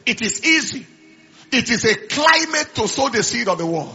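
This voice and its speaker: A man's voice: very high-pitched, big pitch swings, moderate pace, bright, forceful tone. A middle-aged man preaching a sermon, telling stories and repeating phrases, with stammered restarts. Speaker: pastor. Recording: slightly dull lo-fi sound.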